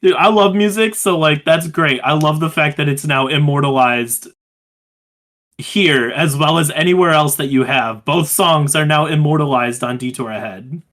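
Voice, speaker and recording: A man's voice: fairly high pitch, normal speed, a bit bright. A man with a somewhat raised voice co-hosts a podcast with eager, hype-driven energy. He strings thoughts together with many fillers and restarts. The audio comes through a voice chat call. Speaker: podcast co-host. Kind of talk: casual chat.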